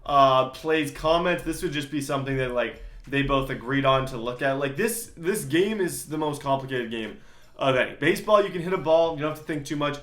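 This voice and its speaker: A man's voice: mid-range voice, a little fast, a bit bright, echoey room. A young man giving a casual, rambling vlog commentary with lots of fillers. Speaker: YouTuber.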